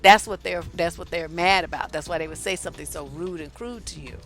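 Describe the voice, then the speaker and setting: A woman's voice: on the low side, fairly quick, a bit bright, soft background music. An older woman working as a relationship coach, giving a blunt, profane motivational talk to women viewers and hammering home her points by repeating them. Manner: blunt, profane and emphatic, repeating key phrases.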